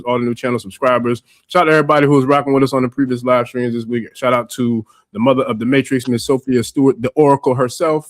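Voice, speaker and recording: A man's voice: medium pitch, no room sound, studio quality. A man hosting a casual livestream chat in a laid-back, slangy way, often repeating words. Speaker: host.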